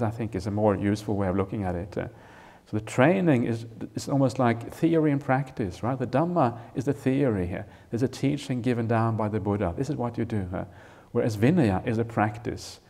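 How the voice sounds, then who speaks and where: A man, a Buddhist monk, giving an unhurried Dharma talk on a scripture, with frequent "uh" fillers and "right?" checks. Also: mid-range voice, lively intonation, darkish tone. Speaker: Buddhist monk teaching a retreat. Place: retreat hall.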